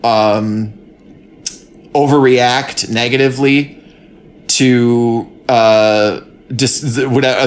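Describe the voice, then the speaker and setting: A man's voice: medium pitch, slight background noise. A man co-hosting a casual TV recap podcast, given to profane, exasperated rants, recorded in a home guest bedroom studio. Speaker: podcast co-host. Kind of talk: casual chat.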